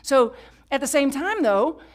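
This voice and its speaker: A woman pastor preaching a sermon, swinging from loud emphatic lines to hushed whispers and leading call-and-response. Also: high voice, lively intonation, a little slow. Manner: leads the congregation in call-and-response; conversational, with laughs and asides.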